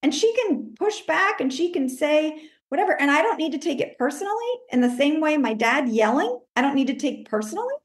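A woman life coach talking in a casual interview, animated, acting out her own self-talk in a higher voice. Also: fairly quick, hardly any pauses, reverberant. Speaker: life coach, podcast guest.

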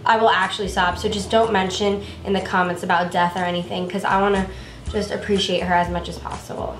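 A woman's voice: mid-range voice, little pitch movement, a little fast, echoey room, recorded from a distance. A young woman vlogger chatting in a gushing, rambling way about her pet, with many fillers, recorded on a camera at home.

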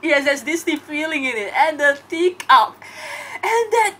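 A woman's voice: sits high, very animated, moderate pace, bright, forceful tone. A young woman hosting a fan reaction video, gushing and exclaiming over and over.

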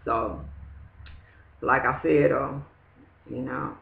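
A woman's voice: extremely low pitch, fairly even intonation, slow pace, creaky. Rambling woman in an echoey room. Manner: rambling, full of "you know what I'm saying". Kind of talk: casual spoken testimony. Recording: echoey, dull lo-fi room sound.

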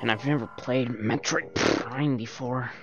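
A man's voice: mid-range voice, unhurried, highs cut off. A man in a put-on British accent gives rambling let's-play commentary and talks to the enemies on screen. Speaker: gamer. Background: game music.

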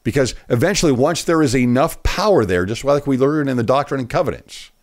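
A man giving earnest, emphatic commentary on a political speech clip, pausing it to preach his point. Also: mid-range voice, animated. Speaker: online commentator.

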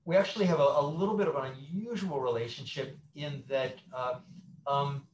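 A middle-aged man, a sex therapist, talking as a guest in an interview, animated and acting out quotes with many restarts. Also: on the high side, fairly quick, a little hiss or hum. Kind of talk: conversational interview. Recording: roomy echo.

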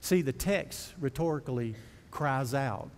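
A man preaching a sermon as pastor, folksy and direct with the congregation, building to impassioned high preaching. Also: measured pace, big-room sound. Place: church sanctuary.

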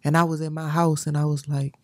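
A woman's voice: deep voice, flat delivery, fast, darkish tone, no room sound, clean studio sound. A woman from Baton Rouge, a guest telling a hard personal story in a blunt, profane way, often checking in with the listener. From Baton Rouge, Louisiana. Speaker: guest musician.

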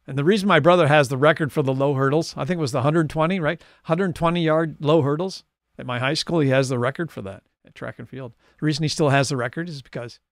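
Between songs on his live music stream, this male host and singer rambles to viewers and laughs often, keeping a lounge-style mix of crooning and chat. His voice sits in the mid range. The studio-quality recording is dry.

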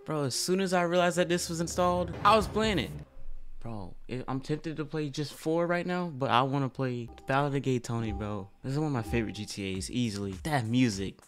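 A man giving casual, excitable gameplay commentary as a gaming YouTuber, often breaking into loud laughter. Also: mid-range voice, brisk.

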